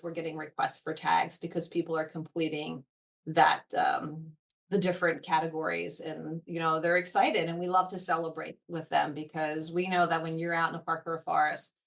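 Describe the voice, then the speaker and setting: An eager, talkative woman with a somewhat low voice speaks as a guest in a podcast conversation. She sits a little back from the microphone, so her voice sounds set at a slight distance. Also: flat delivery, brisk, gravelly, a bit bright. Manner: eager, talkative, frequent fillers. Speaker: parks foundation representative, guest.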